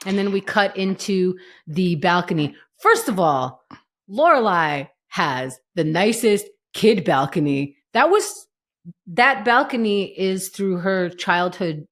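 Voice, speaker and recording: A woman co-hosting a podcast, chatting casually and retelling scenes with animated quoted lines. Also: on the low side, takes it slowly. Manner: animated storytelling, acts out quotes. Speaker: podcast co-host. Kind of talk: casual chat.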